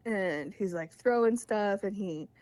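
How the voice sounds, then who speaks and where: Young woman caller, candid rambling storyteller with nervous laughs, middle pitch, dry close sound. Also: warm tone, no room sound. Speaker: caller sharing her story. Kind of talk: casual personal storytelling.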